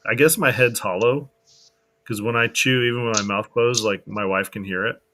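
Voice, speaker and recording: A man's voice: mid-range voice, steady tone, normal speed, pushed and bright. A man co-hosting a live stream, talking casually and rambling with many fillers and restarts. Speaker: co-host of a live gear show.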